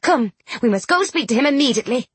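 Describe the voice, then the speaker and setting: Woman playing a bossy young woman, excitable, brisk, high-pitched, a bit husky. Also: dry recording, exaggerated voice. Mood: excited.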